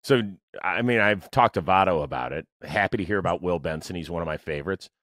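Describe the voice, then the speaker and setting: A male sports podcast host with a slightly low voice asks a player chatty, eager questions. His voice sounds dry and close, with no room around it. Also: fast talker, a bit bright, dry recording. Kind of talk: sports talk interview.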